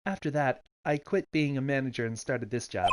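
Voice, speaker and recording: A woman voicing a composed, earnest woman exhibit manager in a calm, measured, polite way. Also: very deep voice, very noisy. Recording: loud video game music behind.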